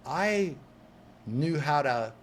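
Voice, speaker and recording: A man, a coach and podcast guest, telling a personal story in an animated way, acting out what people said and restarting words as he goes. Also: on the high side, extremely slow, a little hiss or hum. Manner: lively, acts out quoted voices, restarts words.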